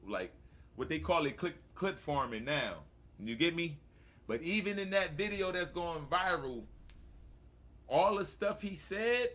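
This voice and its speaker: Bright, lively man telling stories. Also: on the high side. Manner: excitable, slangy, laughs often, rises to loud outbursts. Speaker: morning show host. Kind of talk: animated storytelling to a live audience.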